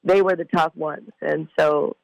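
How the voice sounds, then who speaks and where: Brief: woman interview guest from California, gravelly tone, earnest and measured, dry recording. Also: low voice, steady tone, no echo, low-quality recording. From California, United States. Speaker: guest, former softball player. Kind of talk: casual interview.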